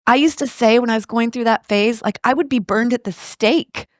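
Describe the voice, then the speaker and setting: A woman's voice: fairly high pitch, moderate pace, no room sound, clean studio sound. A woman in her late fifties from the United States, chatting animatedly as an interview guest and telling stories with rhetorical asides. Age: 50s. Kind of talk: casual interview conversation.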